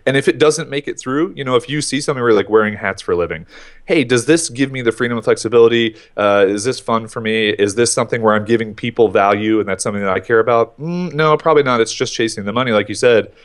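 A man's voice: mid-range voice, quick pace. A man in his thirties, a guest on a podcast, telling his story in casual talk and acting out his own thoughts. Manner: animated storyteller, acts out his own inner voice.

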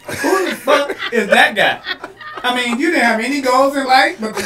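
A man co-hosting a podcast in casual comedic chat, loud and laughing often. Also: very high voice, moderate pace, recorded from a distance. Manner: loud, animated, laughing a lot. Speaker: podcast co-host. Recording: echoey room, off-mic, faint noise.

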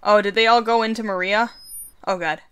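A woman hosting a horror game let's play, reacting excitably with exclamations and swearing. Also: mid-range voice, fairly quick, clean tone. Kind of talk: gameplay commentary and reading game text aloud.

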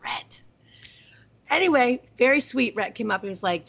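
Animated woman telling stories on a podcast. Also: mid-range voice, creaky, husky. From eastern United States. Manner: animated storyteller, quick asides. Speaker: podcast co-host. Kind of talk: casual podcast chat.

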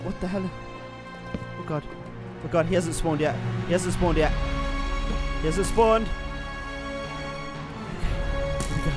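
A man's voice: fairly high pitch, a little slow, long pauses, over loud music. A young man, a gaming YouTuber, giving nervous horror-game commentary, muttering anxiously and bursting into yelps and screams.

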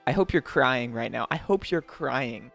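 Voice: mid-range voice, animated, a little slow, creaky, fairly bright tone, faint music behind. A young adult host giving gameplay commentary, jokey and melodramatic, laughing often and breaking into panicked shrieks when startled. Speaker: Minecraft let's-play host.

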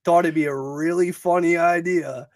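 A man's voice: fairly high pitch, steady tone, normal speed, a little mellow, dry recording. A young adult man co-hosting a podcast, telling stories in a rambling, profane, casual way. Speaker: podcast co-host. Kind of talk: casual chat.

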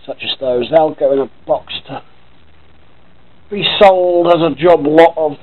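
A man's voice: fairly high pitch, unhurried. Chatty Norfolk man, tinny lo-fi sound. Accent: Norfolk English. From Norfolk, England. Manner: rambling, chatty, swears casually. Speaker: vlogger. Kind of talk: casual vlog chat. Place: at home by his computer.

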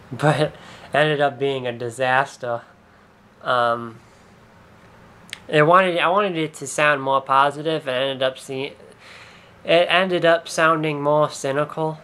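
A man's voice: medium pitch, fairly bright tone. A young man talking through a rambling vlog monologue, hesitant and swearing often, trailing off and restarting his sentences. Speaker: YouTuber.

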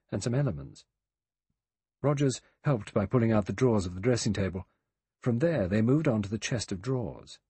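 A man narrating an audiobook in a measured, even reading. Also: on the low side, breathy edge, no room sound. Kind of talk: scripted narration.

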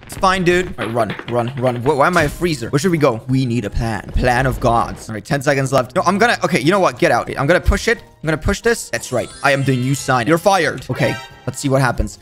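A man's voice: mid-range voice, expressive, fast talker, hardly any pauses, fairly bright tone, soft background music. A young man giving frantic, jokey commentary while playing a video game, often panicking and pleading. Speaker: gaming YouTuber. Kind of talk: gameplay commentary.

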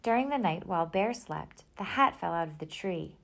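A woman reading a children's picture book aloud in a gentle storytelling manner. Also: on the low side, expressive, normal speed, gravelly.

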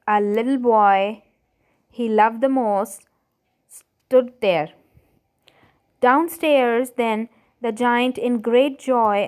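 A woman teacher reads a children's story aloud and explains it. Her voice sits a little high, and she moves very slowly, stumbling and rephrasing as she goes. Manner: slow, halting reading with frequent restarts and rephrasing.

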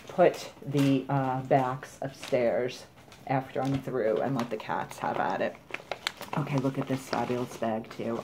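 A woman's voice: deep voice, slight background noise. A woman vlogger chatting casually at home as she unboxes a parcel of gifts, gushing and repeating herself. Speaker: craft vlogger.

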